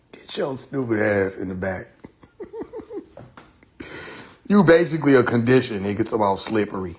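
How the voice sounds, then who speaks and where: A man hosting a casual live stream, riffing loudly with profanity and frequent laughter. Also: mid-range voice, big pitch swings, moderate pace, long pauses. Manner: loud joking rant, heavy profanity, laughing often. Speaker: livestream host. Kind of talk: casual livestream chat.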